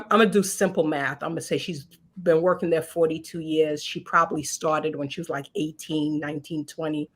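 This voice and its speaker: A woman co-host giving her opinion in a casual discussion, working through her reasoning aloud. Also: on the low side.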